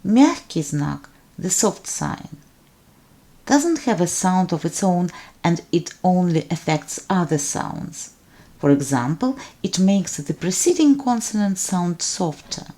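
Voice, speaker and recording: A woman teaching alphabet pronunciation, speaking deliberately and enunciating each sound so it can be repeated. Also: lowish voice, lively intonation, dark tone. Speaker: language teacher. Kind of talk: slow instructional narration.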